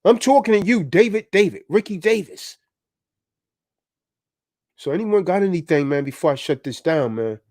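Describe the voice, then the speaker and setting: A man's voice: high voice, animated, normal speed, pauses often, darkish tone, no echo, studio quality. A man hosting a live stream, preaching and exhorting his listeners, often ending lines with "man". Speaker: livestream host. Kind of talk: impassioned preaching livestream.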